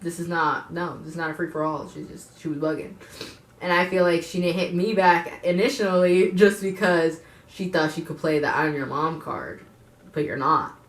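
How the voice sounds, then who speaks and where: Low-voiced blunt woman telling her story. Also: moderate pace. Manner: blunt, frank, swears freely, with asides to viewers. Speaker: vlogger. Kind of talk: candid personal storytime. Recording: echoey room.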